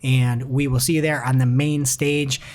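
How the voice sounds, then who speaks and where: A man in his thirties, co-host of a podcast, telling an animated, self-mocking anecdote in casual chat. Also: mid-range voice, moderate pace.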